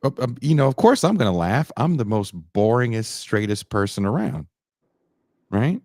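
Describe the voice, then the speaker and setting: A man in his forties hosting a podcast, telling a story in a casual, animated way and acting out the people in it. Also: mid-range voice, normal speed, no room sound, clean studio sound. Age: 40s. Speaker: podcast host.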